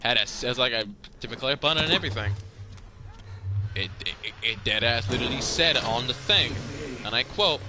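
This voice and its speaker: A man hosting a podcast, telling a story in casual, animated talk, swearing a lot and repeating himself. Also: mid-range voice, moderate pace, over music. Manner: animated, profane storytelling with frequent repetitions. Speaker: podcast host. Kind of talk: casual chat.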